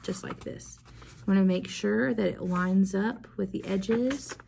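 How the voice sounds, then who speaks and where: A young woman music teacher giving a video lesson to young children, slow and encouraging, prompting them to repeat after her. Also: mid-range voice, creaky, warm tone, a little hiss or hum.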